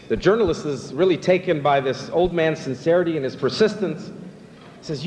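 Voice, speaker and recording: Joke-telling banquet emcee, slightly high. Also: male voice, moderate pace, darkish tone, big-room sound, slight background noise. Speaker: master of ceremonies. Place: banquet hall.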